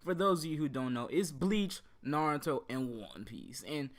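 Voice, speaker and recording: A young man with a raspy voice, an anime YouTuber rambling in casual vlog commentary, heavy on slang and filler words. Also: fairly high pitch, animated, normal speed. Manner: slangy, rambling, full of "like" and "bro".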